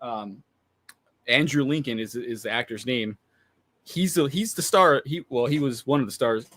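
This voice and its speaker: A man from the United States, a guest in a casual livestream chat, talking in halting bursts and calling the host man and dude. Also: mid-range voice, a bit bright. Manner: halting, many restarts and fillers, says man and dude.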